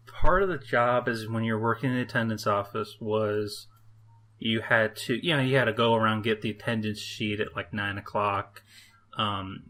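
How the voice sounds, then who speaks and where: A young man, a podcast co-host, telling an anecdote in casual chat and acting out the voices of the people in it. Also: lowish voice. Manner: animated, acts out voices in anecdotes. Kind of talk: casual storytelling.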